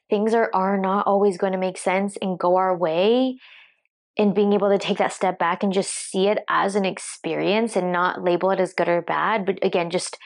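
A woman fitness coach, tearful, speaking reflectively to the camera with halting restarts. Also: mid-range voice. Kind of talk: emotional talk to camera. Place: seated at home.

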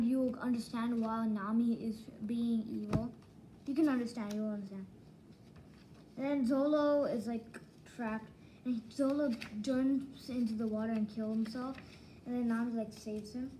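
A woman casually reviewing manga volumes, rambling and excitable, leaning on "like" as filler. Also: on the high side, a little hiss or hum, rough recording. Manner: rambling, excitable, heavy use of "like".

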